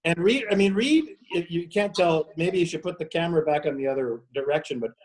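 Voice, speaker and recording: A man's voice: on the high side, fairly quick, rough recording. A man on a casual podcast, teasing the others with exaggerated stories.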